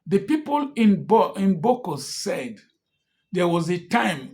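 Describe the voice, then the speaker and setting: A man's voice: sits high, very animated, slow pace, a little mellow. A man giving impassioned political commentary, firing off repeated pointed rhetorical questions.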